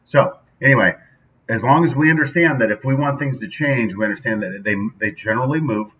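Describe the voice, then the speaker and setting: Energetic man, lo-fi and distant. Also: mid-range voice, brisk, slight background noise. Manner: energetic, conversational, emphatic. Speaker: daily podcast host. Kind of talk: casual solo motivational talk. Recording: dull lo-fi sound from a distance with faint ambience.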